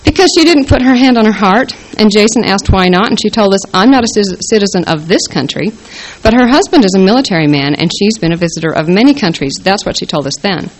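A woman's voice: mid-range voice, animated, fast, lightly acted, low-quality recording. A woman voicing an earnest nine-year-old girl who chatters on, a little exasperated.

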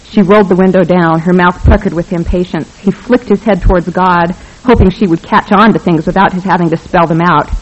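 A narrator reading a novel aloud in a wry, even manner. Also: mid-range voice, a little fast, dull audio. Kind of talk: scripted audiobook narration.

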